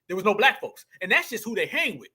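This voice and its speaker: A man's voice: sits high, sing-song, quick pace, sharp tone, slightly rough. A man hosting a political commentary show, ranting emphatically in slangy speech and calling his viewers family.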